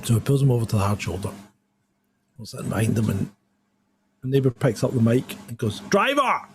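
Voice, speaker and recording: A man's voice: fairly low pitch, quick pace, background noise. A man co-hosting a casual live show, telling anecdotes and often breaking into laughter. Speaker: co-host. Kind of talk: casual live-stream chat.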